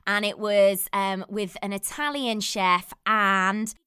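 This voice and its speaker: A woman's voice: medium pitch, steady tone, takes it slowly, pushed and bright, clear, resonant tone, dry recording, studio quality. A British woman co-hosting a casual chat, telling stories and laughing often. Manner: chatty storyteller, laughs often. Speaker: co-host.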